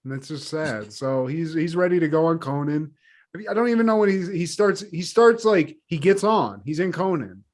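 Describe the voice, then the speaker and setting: A man's voice: fairly high pitch, animated, normal speed, a little mellow. A man co-hosting a podcast, recapping a cartoon episode in loose, profane casual chat and laughing often. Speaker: podcast co-host.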